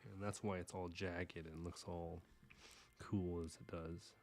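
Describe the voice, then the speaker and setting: Brief: low-voiced man from Texas, faint twang, rambling live-stream chatter, jokes at his own expense. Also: flat delivery, measured pace, darkish tone. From Houston, Texas. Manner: rambling, self-deprecating, mutters to himself. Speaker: livestream artist. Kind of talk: casual live-stream chat while drawing.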